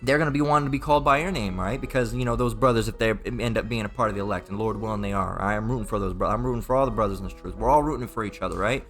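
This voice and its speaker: A man's voice: lowish voice, racing, few pauses, fairly bright tone, faint music behind. A man giving an informal sermon in a rambling, emphatic way, often profane and full of repeated filler tags. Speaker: preacher.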